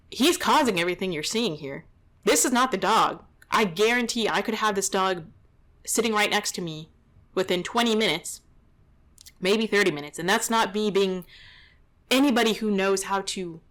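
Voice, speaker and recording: Woman dog trainer, mid-pitched, reacting to footage with indignant, exasperated commentary. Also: fairly bright tone. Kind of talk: reaction commentary over a video.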